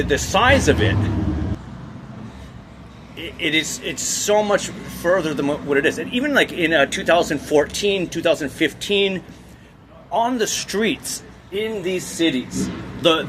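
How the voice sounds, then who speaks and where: A man's voice: sits high, fairly bright tone, slight background noise. A man delivering a heated political rant, talking in fits and starts with many repeated words and restarts. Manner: heated, repetitive restarts and stammers. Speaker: political commentator. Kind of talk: ranting monologue.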